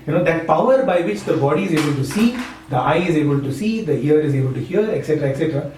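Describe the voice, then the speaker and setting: Speaking in a slightly high voice with a darkish tone, a university teacher from Maharashtra, India gives a relaxed satsang. He chats with listeners, chuckles, and keeps tossing in "right?" Recorded at a distance in an echoing room, with a faint hum underneath.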